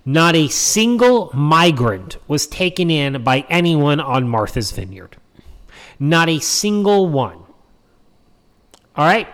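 A man's voice: a little high, expressive, takes it slowly, fairly bright tone, smooth. A man hosting a political commentary monologue, sarcastic and emphatic, repeating his points. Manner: sarcastic, mocking voices in quotes; emphatic repetition. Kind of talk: opinion monologue.

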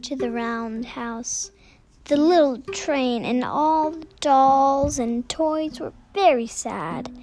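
A woman reading a children's picture book aloud, slow and expressive. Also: high voice. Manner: slow, expressive, sing-song. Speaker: storybook reader.

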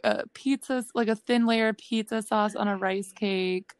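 A woman's voice: mid-range voice, steady tone, normal speed, smooth, no room sound. A woman hosting a podcast, chatting casually and laughing easily. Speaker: podcast host. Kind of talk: casual interview chat.

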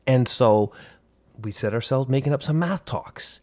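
A man's voice: medium pitch, animated, a little slow, warm tone. Playful male teacher, podcast co-host, casual jokey chat. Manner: playful, jumps into silly voices.

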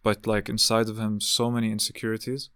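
A man's voice: fairly low pitch, level tone, brisk, pushed and bright, clean tone, dry recording, clean studio sound. A young man telling a long story about a family phone call in a casual, frustrated rant, swearing often and restarting his sentences. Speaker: vlogger recounting a family call. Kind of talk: casual ranting monologue.

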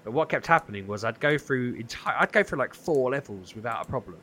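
Podcast guy telling a story, bright punchy voice, does all the quotes, bit of background hum. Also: mid-range voice, brisk. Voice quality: animated, acts out quoted voices. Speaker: podcast co-host. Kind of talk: casual storytelling.

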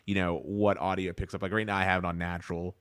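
A man's voice: deep voice, level tone, fast talker, fairly bright tone, smooth, no room sound, studio quality. A man chatting casually on a podcast, leaning heavily on "like". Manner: casual, heavy use of "like".

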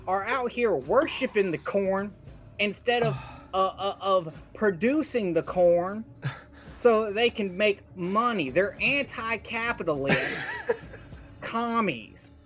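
A man's voice: high-pitched, lively intonation, slow pace, fairly bright tone, faint music behind, exaggerated voice. A man voicing a blustering right-wing American radio caller who rants in a mock-patriotic way. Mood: ranting.

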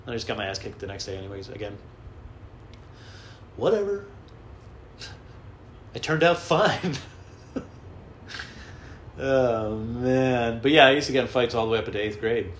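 A man telling rambling, profane stories in a casual comedic monologue, often mimicking people in high squeaky voices. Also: fairly even intonation, fairly quick, long pauses, slight background noise. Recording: echoey room, faint background.

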